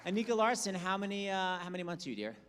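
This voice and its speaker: A man's voice: high-pitched, big pitch swings, racing, fairly bright tone, a little hiss or hum. A man hosting a live concert on stage, upbeat and teasing as he introduces the performers. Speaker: concert host. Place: large theater stage. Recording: long hall reverb with a crowd.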